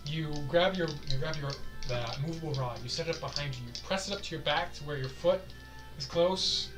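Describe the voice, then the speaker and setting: A man's voice: fairly high pitch, brisk. A man narrating as game master, describing scenes step by step and laughing along with his players. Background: background fantasy music.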